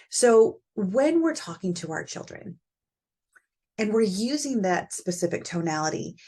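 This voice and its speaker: Woman hosting a reflective parenting talk. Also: fairly low pitch. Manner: warm conversational, thinking aloud with fillers. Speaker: podcast host.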